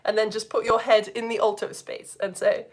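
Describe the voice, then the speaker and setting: A woman's voice: fairly high pitch, moderate pace. Playful Yorkshire woman teaching science. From Yorkshire, England. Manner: lively and playful, shifts into silly voices for actions. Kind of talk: live online lesson for all ages.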